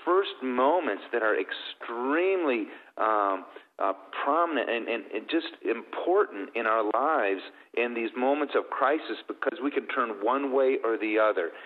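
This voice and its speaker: Unhurried and with lively intonation in a mid-range voice, this middle-aged guest shares an emotional testimony about his faith in an earnest, tender manner. Tinny, phone-like sound and long reverb color the recording.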